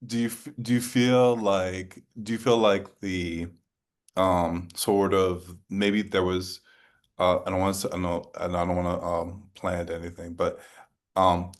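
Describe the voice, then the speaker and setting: A man's voice: sits low, little pitch movement. A man from New Orleans hosting an interview in a conversational way, often rephrasing and circling as he shapes his questions. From New Orleans, USA. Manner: halting, rephrases a lot while forming questions. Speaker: interview host.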